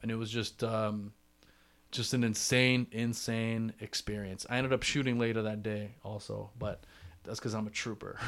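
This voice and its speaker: Young guy telling a story on his podcast, super chatty, says like a lot, voice not high not low. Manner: chatty, filler-heavy, many restarts and "like". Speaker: podcast host.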